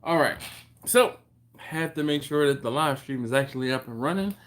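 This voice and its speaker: A man's voice: mid-range voice, animated, moderate pace, a bit bright. A man hosting a live stream from home, casually greeting chat viewers by name and rambling between topics.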